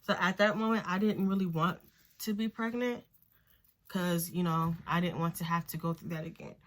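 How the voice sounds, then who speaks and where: A woman's voice: fairly low pitch, level tone, normal speed, fairly bright tone. A young woman vlogger chatting through a story while doing her makeup, full of fillers and acted-out quotes. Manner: chatty, filler-heavy, acts out quoted voices. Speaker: beauty vlogger.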